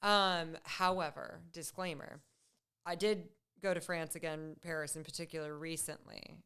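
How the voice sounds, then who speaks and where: A woman guest in a casual podcast conversation, chatty and quick to laugh. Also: low voice, steady tone, fairly bright tone, smooth.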